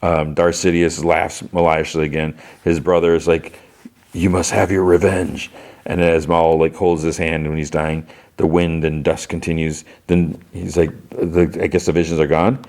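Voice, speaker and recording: A podcast host with a very low voice retells a show scene by scene. He talks casually and rambles, leaning on fillers and "he's like". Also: little pitch movement, moderate pace, darkish tone. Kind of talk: casual episode recap.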